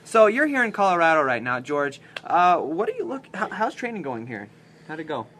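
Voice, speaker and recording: A man's voice: a little high, sing-song, normal speed, fairly bright tone, slight background noise. A man interviewing a fighter in a casual, enthusiastic way, often saying "nice".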